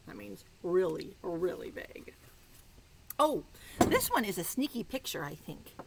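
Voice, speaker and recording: A woman's voice: lowish voice, sing-song, moderate pace, gravelly, slight background noise, low-quality recording. A woman teacher reading a picture book aloud to small children, playful and coaxing, dropping to a whisper for the riddle clues. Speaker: preschool teacher.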